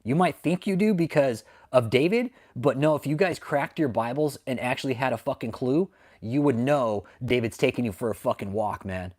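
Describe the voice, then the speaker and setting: A man hosts a livestream and rants in heavy profanity, his voice sitting in an ordinary middle range. He calls out his target by name, jumps to sudden loud bursts of anger, then drops back to muttering asides for his live chat. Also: mid-range voice, lively intonation, moderate pace, few pauses. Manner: angry, profane ranting with sudden loud outbursts; reads and answers live chat. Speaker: livestream host.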